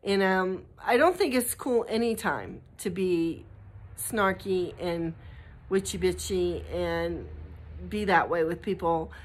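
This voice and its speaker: A woman's voice: fairly low pitch, slow pace. A middle-aged American woman talking casually to camera in a vlog, rambling with restarts and stopping for asides to her dog. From United States. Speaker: vlogger.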